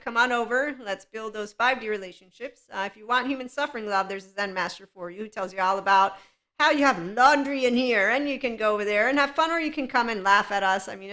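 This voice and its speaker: Bright-voiced woman hosting a podcast, laughing often. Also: medium pitch. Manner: animated, laughing often, rambling. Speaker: podcast host. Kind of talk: solo podcast monologue.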